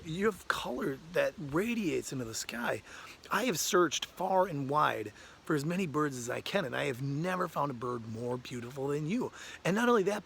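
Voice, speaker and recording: A man voicing a humble, wide-eyed crow that gets excited and awestruck easily. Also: medium pitch, vocal fry, a little hiss or hum.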